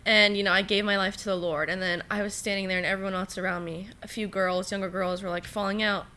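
A woman's voice: mid-range voice, fairly even intonation, quick pace, sharp tone. A teenage girl telling her story in a casual chat, full of fillers and acted-out quotes. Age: teens. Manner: chatty storytelling, many fillers, acts out quotes. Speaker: guest.

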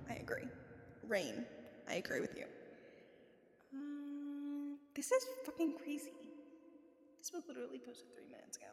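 High-voiced woman rambling from bed. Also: animated, normal speed, long pauses, echoey room, big-room sound. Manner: rambling, sweary, often whispering. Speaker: podcast host. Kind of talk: casual rambling chat. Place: bedroom, lying in bed. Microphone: phone.

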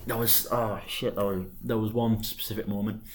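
A man's voice: lowish voice, level tone, moderate pace, slight background noise. A man co-hosting a podcast, jokey and sweary. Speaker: podcast co-host. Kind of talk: casual chat about wrestling.

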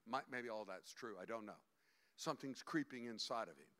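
A male pastor preaching an animated sermon, acting out the voices of figures as he goes. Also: mid-range voice, a little fast.

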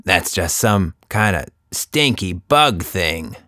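A streetwise sewer mouse, played by a man, talking rough and slangy. He drawls his words low and slow. The sound is close and dry. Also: lively intonation, pushed and bright, no room sound, full character voice. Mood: gruff. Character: scruffy male sewer mouse, gruff and cowardly.

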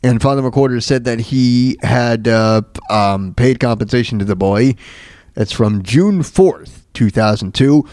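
A man's voice: medium pitch, unhurried, a little mellow, no echo. A man hosting a radio show, casually recapping old comedy bits in a rambling way, with many fillers and chuckles.

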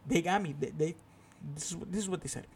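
A man's voice: fairly high pitch, fast talker, darkish tone, a little hiss or hum. A young man hosting his own podcast, telling a rambling, profane, self-deprecating story in a casual solo chat. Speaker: podcast host.

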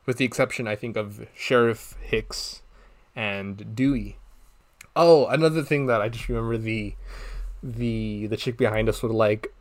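A young male podcast co-host chats casually about a movie, acting out its lines and laughing as he goes. His voice is on the low side and unhurried, and his manner is animated.

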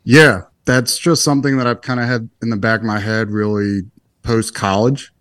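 A young man in his twenties, a golfer being interviewed, telling stories in a relaxed, rambling, self-deprecating way. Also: lowish voice, normal speed, no room sound, clean studio sound. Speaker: guest golfer. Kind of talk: casual interview storytelling.

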